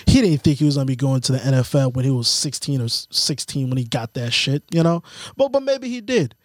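A man co-hosting a sports podcast, explaining things in a measured, playful way. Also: medium pitch, animated, dry recording. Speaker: podcast co-host. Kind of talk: casual sports chat.

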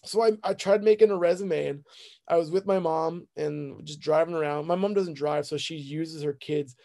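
A man's voice: fairly high pitch, moderate pace, mellow. A man in his thirties telling a casual personal story, rambling and self-deprecating, often acting out what people said. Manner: rambling, self-deprecating, acts out quoted voices.

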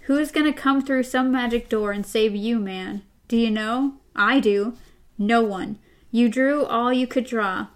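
A woman's voice: a little high, measured pace, natural voice. A woman reading aloud as a desperate young man who is a former addict, urgent and pleading.

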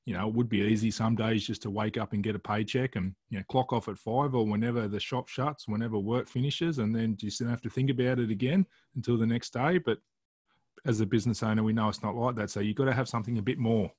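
Aussie interviewer, low husky voice, dry close sound. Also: male voice, steady tone, quick pace, darkish tone, no room sound. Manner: friendly, rambling questions. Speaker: interviewer, host. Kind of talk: casual interview.

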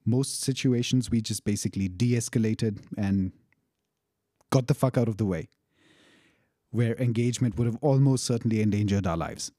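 Dark-voiced man swearing through a story. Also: fairly low pitch, normal speed, no room sound, studio quality. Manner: profane, rambling, with frequent fillers and chuckles. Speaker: storyteller recounting a personal experience. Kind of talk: casual spoken storytelling.

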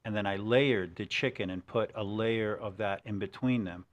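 A man with a somewhat low voice talks casually on a podcast. He tells stories animatedly, stumbling and restarting, and slips into quoted voices. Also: normal speed, dull audio. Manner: animated storyteller, many restarts. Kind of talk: casual chat.

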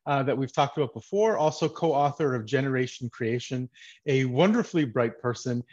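A man's voice: medium pitch, lo-fi sound. A man from Montreal hosting a podcast, chatting casually and telling joking stories. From Montreal, Quebec. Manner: chatty, joking, animated storytelling. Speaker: podcast host. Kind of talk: casual interview chat.

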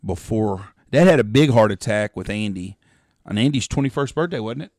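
A man's voice: on the low side, animated, a little fast, a little mellow, dry recording, clean studio sound. A middle-aged man, telling rambling, profane hunting stories as a podcast co-host. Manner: rambling, profane storyteller who acts out quotes. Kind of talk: casual storytelling chat.

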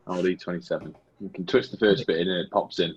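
Deep, husky deadpan British man. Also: quick pace, lo-fi sound. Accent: British English. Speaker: podcast co-host. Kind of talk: scripted comic pub banter.

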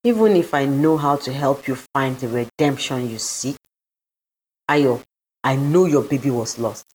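Whispery teen seer girl, calm and secretive, low soft voice , woman narrator doing her. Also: measured pace. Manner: hushed, whispering, intent.

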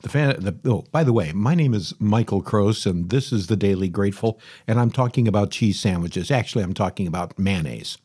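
A man's voice: lowish voice, brisk, hardly any pauses, dark tone, slightly rough. A middle-aged man hosting a podcast, telling a rambling, folksy story in a casual monologue, often interrupting himself. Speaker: podcast host.

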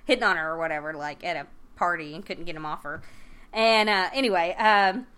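A woman's voice: on the low side, a little fast, fairly bright tone, clear, resonant tone. A woman co-hosting a casual podcast, chatting and laughing as she recaps a sitcom episode and acts out the characters' lines. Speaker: podcast co-host.

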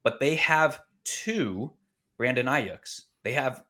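A man co-hosting a fantasy football podcast, talking in a measured, analytical way with many pauses and ums. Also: medium pitch, lively intonation, sharp tone. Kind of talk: casual sports analysis chat.

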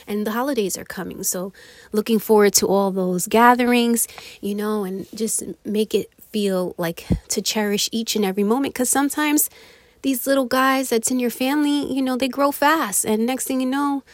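A woman's voice: on the high side, normal speed, dry recording. Chatty woman giving a tarot reading. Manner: chatty, with fillers like "you know" and "um". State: a little out of breath. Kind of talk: casual spoken tarot reading.

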